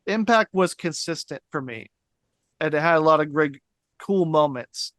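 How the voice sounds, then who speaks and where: Excited jokey guy on a panel, kinda high voice, dry mic. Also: moderate pace, no echo. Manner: enthusiastic and jokey. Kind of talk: casual chat.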